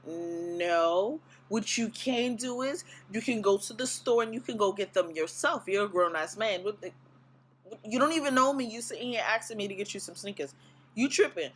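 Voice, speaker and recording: A woman's voice: mid-range voice, moderate pace, rough recording. A woman vlogger casually telling a story to camera, blunt and profane, acting out her reactions. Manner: blunt, profane, animated retelling.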